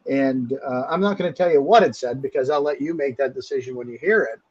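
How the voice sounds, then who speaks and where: A man's voice: medium pitch, fast, slightly rough. Earnest man on slightly dull audio. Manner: earnest, candid, emphatic. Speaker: guest researcher. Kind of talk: casual interview talk.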